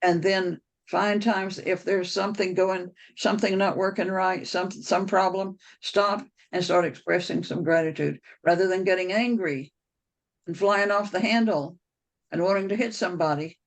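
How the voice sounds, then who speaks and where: Gravelly storyteller on a video call. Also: mid-range voice, steady tone, normal speed, rough recording. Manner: rambling anecdotal storytelling with restarts. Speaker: speaker on a members' call. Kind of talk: personal storytelling talk.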